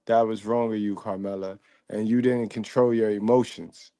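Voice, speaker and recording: A man talks in a loose, joking, slangy way as he reacts to a clip. His voice is dark and mellow. The sound is dry and close, with little room around it. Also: lowish voice, fairly even intonation, normal speed, no room sound. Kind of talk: casual reaction commentary.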